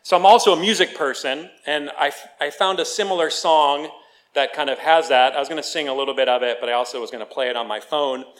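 A man, the pastor of a church, preaching a sermon. He reads scripture with slow, measured care, then talks casually with the congregation and jokes with them. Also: a little high. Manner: reads scripture slowly, then chats with the congregation in a lively, joking way.

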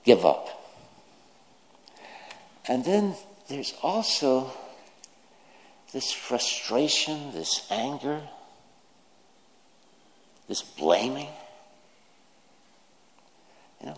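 A man's voice: mid-range voice, very animated, extremely slow, long pauses. A man preaching a sermon, telling jokes and stories and acting out the quoted lines. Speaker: pastor. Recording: reverberant hall.

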